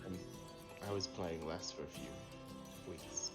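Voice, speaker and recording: A man in casual voice chat with other players, talking in a laid-back, unhurried way. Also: deep voice, fairly even intonation, loud music behind the voice.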